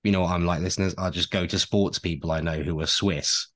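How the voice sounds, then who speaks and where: A man's voice: low voice, fairly even intonation, fast talker, a bit bright. A young man co-hosting a podcast, chatting casually with rambling, self-deprecating asides. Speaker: podcast co-host and actor. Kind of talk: casual chat.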